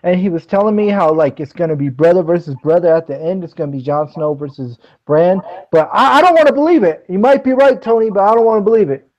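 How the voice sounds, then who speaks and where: An excitable man guesting on a casual podcast chat, speaking in a high voice. He is earnest and laughs easily. The sound is muffled and lo-fi. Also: fast, hardly any pauses.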